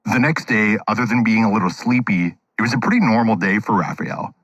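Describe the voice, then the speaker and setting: Casting: low-voiced man, wry scripted narration, dry close sound, faint music. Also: brisk, fairly bright tone, breathy edge, no room sound, lo-fi sound. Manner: wry, dramatic storytelling. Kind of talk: scripted radio-documentary narration.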